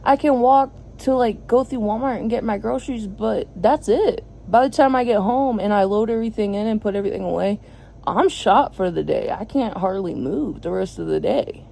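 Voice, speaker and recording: A woman's voice: medium pitch, animated, normal speed, gravelly, warm tone, poor audio. A woman vlogging from home into her phone, giving a rambling, frank update to her viewers with lots of fillers and dry sarcasm. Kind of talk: casual venting update to viewers. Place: at home, indoors.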